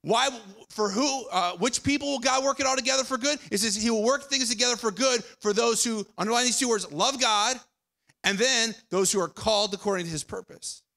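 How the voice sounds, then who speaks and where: A young man preaching a sermon as pastor, conversational, repeating phrases and dropping quiet for emphasis. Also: extremely high pitch, brisk, gravelly. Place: church auditorium.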